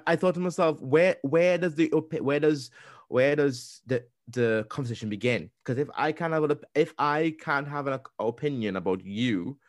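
A young man co-hosting a podcast, chatting in a lively way, acting out what people said and restarting his sentences. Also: medium pitch, no room sound, clean studio sound. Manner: animated storytelling, acting out quotes with restarts. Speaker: podcast co-host. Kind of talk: casual interview chat.

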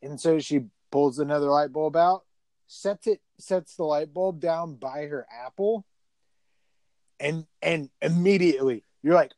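A fairly high-voiced man chatting loosely about a film he just watched, swearing freely and padding his sentences with "like" and "um." The sound is dry and close, with no room around him. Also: unhurried, mellow, dry recording. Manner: rambling and profane, heavy filler words. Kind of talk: casual movie review chat.

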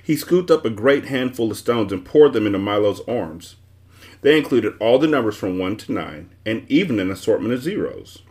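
A man's voice: lowish voice, expressive, moderate pace, a little mellow. A man reading a children's novel aloud as the host of a book club show.

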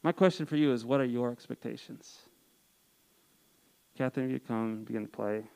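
A man's voice: medium pitch, moderate pace, gravelly, mellow, clean tone, low-quality recording. A young man in his twenties preaching to a campus group, telling a personal story earnestly with casual "like" fillers. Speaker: campus ministry speaker. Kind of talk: sermon.

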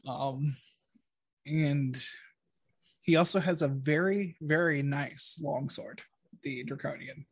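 A man running a tabletop game over a call, halting through his narration with frequent ums and little laughs. His voice is somewhat high and unhurried. The sound is dry and close. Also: breathy edge, dry recording. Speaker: game master.

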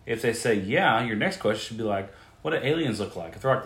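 A man's voice: lowish voice, normal speed. Crude guy riffing on weird news, voice jumps all over, echoey room. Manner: crude, incredulous, animated outbursts. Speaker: podcast host. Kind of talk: profane comedic news riffing. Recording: roomy echo.

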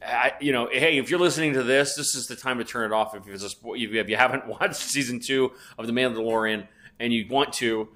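A man's voice: medium pitch, fairly quick, pushed and bright, a little hiss or hum. A man in his fifties, a podcast co-host, telling a rambling story in casual chat and swearing freely. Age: 50s.

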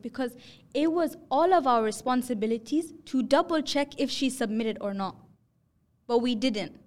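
A young woman hosting a podcast, telling a story in casual chat and acting out the quotes with lively jumps in her voice. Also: normal speed. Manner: animated, acts out quotes with rising pitch. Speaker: podcast host.

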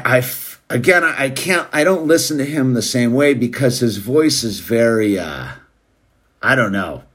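Man, husky, lowish voice, lively swinging pitch, laid-back rambling, says dude. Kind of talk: casual rambling monologue. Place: California.

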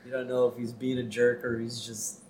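A man co-hosting a podcast, casually recapping a cartoon episode and quoting its lines with quick laughs. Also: mid-range voice, little pitch movement, crowd noise. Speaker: podcast co-host. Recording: roomy echo.

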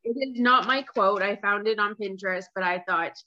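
A woman from Alberta, a nurse guest, answering casually and reading an encouraging note slowly. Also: mid-range voice, pushed and bright, slight background noise. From Canada, Alberta. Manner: laughs easily, reads aloud slowly. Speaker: guest, nurse starting a foot care business. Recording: dull lo-fi sound.

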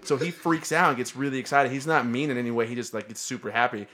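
A man's voice: mid-range voice, fairly even intonation, fast talker, fairly bright tone. A man co-hosting a podcast, telling a side story in a laid-back way and breaking into laughs. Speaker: podcast co-host. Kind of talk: casual storytelling chat. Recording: crowd noise in background.

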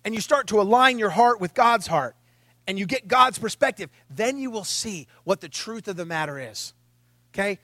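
Animated high-voiced pastor, dry close mic. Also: male voice, moderate pace, no room sound. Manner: animated, chatty, wry asides and quoted voices. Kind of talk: conversational sermon podcast.

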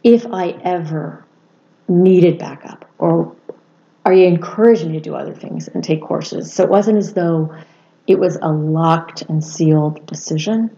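A woman in her sixties, a podcast guest and mother, speaking in a soft, measured and reflective way. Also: lowish voice. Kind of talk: reflective conversation. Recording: dull lo-fi sound.

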